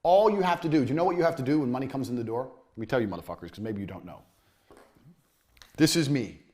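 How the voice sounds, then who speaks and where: A man giving a blunt, profane motivational business lecture, swinging between loud jabs and low muttered asides. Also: animated, fast. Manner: blunt, aggressive, swears constantly. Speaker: business coach.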